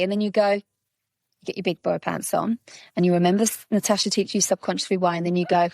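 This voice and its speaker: A woman coach in casual podcast conversation, animated and acting out little scenes as she explains. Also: lowish voice, racing, creaky, no room sound, clean studio sound. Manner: animated storytelling, acting out quotes. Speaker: guest coach.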